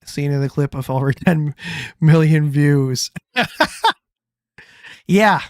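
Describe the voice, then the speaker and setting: A man's voice: fairly high pitch, slow pace, no room sound. Guy reacting to clips on stream, swears a lot, rambles, dead dry mic. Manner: loose, profane, rambling. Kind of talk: casual commentary.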